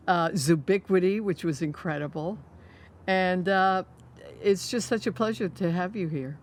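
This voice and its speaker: Interviewer, average pitch, admiring introduction, praise for the guest, faint background noise.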